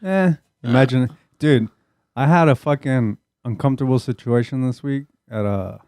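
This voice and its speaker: A man's voice: medium pitch, normal speed, a little mellow, no room sound, clean studio sound. A man with a Chicano English accent, a podcast host telling a long casual story, profane and laid-back, slipping Spanish slang in.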